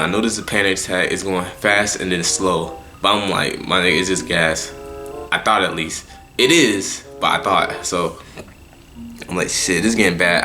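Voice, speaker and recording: A man's voice: sits low, bright, forceful tone. A young man telling a personal story in a casual, profane monologue, full of slang and stumbling restarts. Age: young adult.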